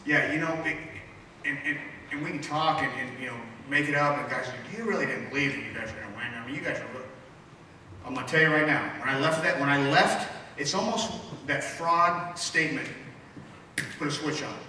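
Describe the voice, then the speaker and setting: A man in his forties tells stories to a dinner crowd in a rambling, animated way, often starting his sentences over. His voice is bright and a little high, and it carries through a large echoey banquet hall from some distance off the mic. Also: a little fast, slight background noise. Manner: rambling, animated, with lots of restarts. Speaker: after-dinner speaker, former baseball player. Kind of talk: storytelling speech with audience questions.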